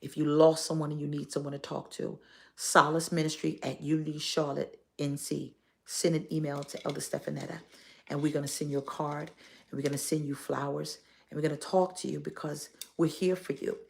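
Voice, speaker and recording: Low, gravelly woman pastor. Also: level tone, brisk, a little mellow, slight background noise. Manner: exhorting, playful, drops suddenly to whispers. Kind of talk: casual church announcements on a live stream.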